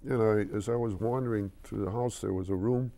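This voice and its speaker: Older guy with a low gravelly voice, telling a story on tv, stumbles and restarts a lot, does the voices. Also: a little fast. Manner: animated storyteller, hesitant with restarts; acts out quoted voices. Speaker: interview guest, company chairman. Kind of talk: storytelling in a TV interview.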